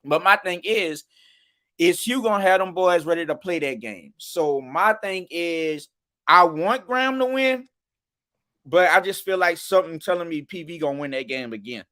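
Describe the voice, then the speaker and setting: A man's voice: a little high, expressive, normal speed, sharp tone. Rambling man chatting sports. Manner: rambling, restarts, keeps asking "you know what I'm saying". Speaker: podcast co-host. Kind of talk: casual sports podcast chat.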